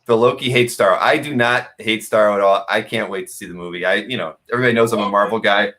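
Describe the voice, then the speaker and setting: A middle-aged man hosts a live sales show in a fairly low voice. He jokes at his own expense and stumbles through plenty of fillers. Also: sharp tone. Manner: joking, self-mocking, halting with many fillers. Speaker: host.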